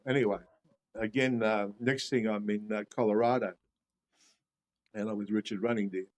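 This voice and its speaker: Middle-aged Australian man, a low-pitched guest who tells a lively story. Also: normal speed, long pauses, rough recording. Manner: animated storyteller who acts out his past reactions. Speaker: guest, shamanism teacher. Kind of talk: casual storytelling interview.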